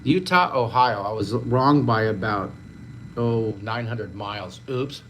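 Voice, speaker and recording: A man's voice: on the low side, takes it slowly, fairly bright tone, slight background noise. An older man leading a live-streamed drawing lesson, upbeat, chatty and encouraging to his viewers. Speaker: drawing teacher.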